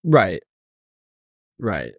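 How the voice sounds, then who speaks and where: A man's voice: low-pitched, wildly swooping pitch, drawn-out words, vocal fry, breathy edge, no echo, clean studio sound. A man co-hosting a casual movie podcast, laid-back and agreeable, stammering a little when he starts a point. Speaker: podcast co-host. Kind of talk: casual movie discussion chat.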